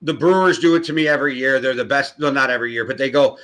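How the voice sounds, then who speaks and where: A man's voice: medium pitch, fast talker, fairly bright tone. A man co-hosting a podcast, talking sports in a casual, rambling way and correcting himself as he goes. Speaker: podcast co-host.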